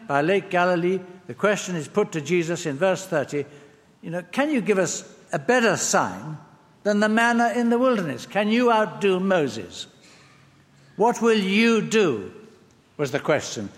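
Male preacher, lively emphatic delivery, slightly high voice, long church reverb. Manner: expressive, emphatic preaching with dramatic pauses. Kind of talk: sermon.

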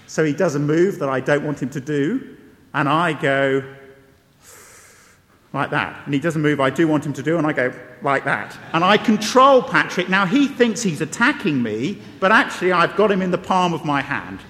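High-voiced preacher in a reverberant hall. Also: male voice, animated, moderate pace, a bit bright. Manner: conversational, wry asides, emphatic repetition. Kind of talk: sermon. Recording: long reverb of a large hall.

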